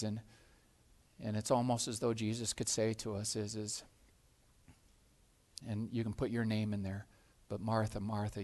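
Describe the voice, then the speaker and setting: A male pastor preaching a sermon in a conversational way, often repeating words and acting out little scenes. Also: medium pitch.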